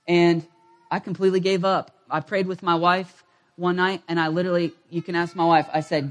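A man's voice: high voice, level tone, fairly quick. A man pastor preaching a sermon, telling a personal story in a conversational way and asking the congregation questions.

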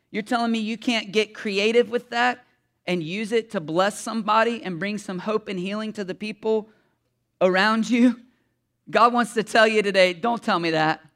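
A man with a notably high voice delivers a sermon as a pastor. He preaches with animated energy, repeating key phrases for emphasis and shifting between loud declarations and softer asides.

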